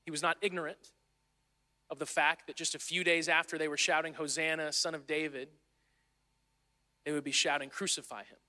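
A man's voice: on the high side, little pitch movement, brisk, long pauses, bright, forceful tone. A man preaching a sermon in an earnest, conversational way, sometimes restarting his phrases. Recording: long hall reverb.

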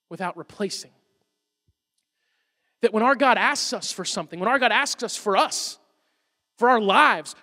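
A man in his thirties, a pastor preaching a sermon, telling a funny, animated story about his son. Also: extremely high pitch. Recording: long hall reverb.

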